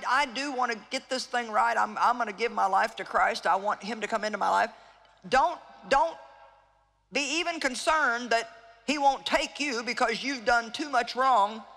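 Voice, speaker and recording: A woman's voice: on the high side, moderate pace, pushed and bright. Earnest woman preaching in a reverberant hall. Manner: earnest, pleading, repeats phrases for emphasis. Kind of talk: evangelistic sermon. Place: large hall with live audience. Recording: long reverb of a large hall.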